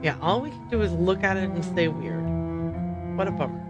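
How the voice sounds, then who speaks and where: A woman's voice: fairly low pitch, fast. A woman casually commenting while playing a video game on a livestream, chatty and playful, correcting herself as she goes. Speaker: streamer. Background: game music.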